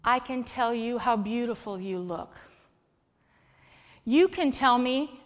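A woman preaching a conversational sermon with an object lesson, coaxing and warm in asides, rising to lively emphasis. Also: fairly high pitch, slow pace, pauses often. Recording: long hall reverb.

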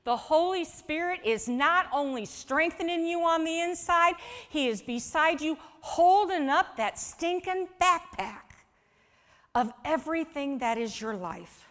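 A woman preaching a conversational sermon with an object lesson, coaxing and warm in asides, rising to lively emphasis. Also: sits high, unhurried. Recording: long hall reverb.

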